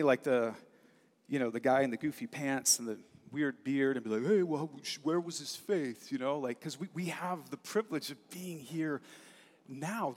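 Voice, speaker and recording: Guy preaching, earnest but chatty, big echoey church hall. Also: medium pitch. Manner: conversational, earnest, animated asides. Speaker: pastor. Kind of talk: sermon. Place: church sanctuary. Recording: long hall reverb.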